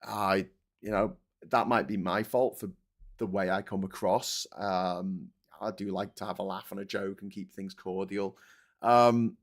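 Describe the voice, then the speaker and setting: A man's voice: deep voice, fairly even intonation, measured pace. A man with a Liverpool accent hosting a live-stream political chat, ranting with stammering restarts and swearing. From England. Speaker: livestream host.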